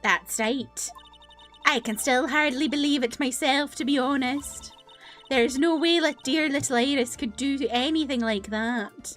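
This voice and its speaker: Woman voicing a chatty old nun, high bubbly sing-song, bit of music behind. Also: unhurried, fairly bright tone. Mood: playful. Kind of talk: video game dialogue read aloud.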